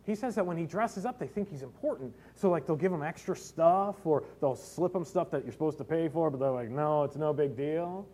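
A man's voice: a little high, lively intonation, fairly quick, hardly any pauses, mellow. A middle-aged man preaching a sermon, telling personal stories with self-deprecating humor. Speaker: pastor.

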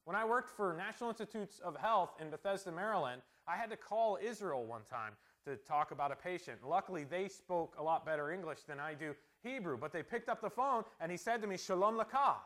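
Man, middle-aged, high voice, pastor, conversational sermon, rhetorical questions, loud and soft by turns. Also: animated, fairly quick, few pauses.

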